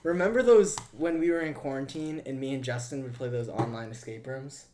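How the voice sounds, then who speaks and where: A young man chatting on a live stream, loud and excitable, swearing a lot and shouting thanks to chat. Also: medium pitch, a little fast, a little hiss or hum.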